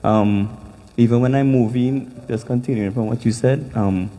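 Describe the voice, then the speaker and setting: A man's voice: medium pitch, moderate pace, warm tone. A man giving hesitant birthday wishes to a family friend at a temple gathering, with many ums.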